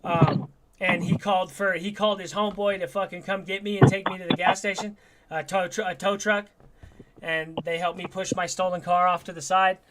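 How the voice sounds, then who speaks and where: A man's voice: high-pitched, brisk, a loud crowd. A man telling streetwise stories in a casual, swearing chat. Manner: streetwise, swearing, animated storyteller.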